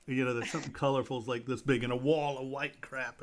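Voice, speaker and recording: A middle-aged man, a jeweler, telling lively anecdotes in casual chat with fillers and laughs. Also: medium pitch, fast, a little hiss or hum. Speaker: jeweler guest.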